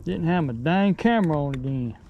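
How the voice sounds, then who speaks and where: A middle-aged man with a drawl talks folksy and excited as he reels in fish from a boat, his high voice jumping all over the place. He takes his time between whoops and laughs. A faint outdoor hum sits behind him on the water. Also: brisk, narrow, tinny audio. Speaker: fishing vlogger. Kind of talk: excited fishing commentary.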